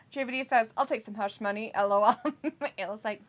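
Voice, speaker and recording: Hosting a live watch-along, a woman reads her viewers' chat messages out loud, with quick bursts of laughter in her casual talk. Her voice sits fairly high.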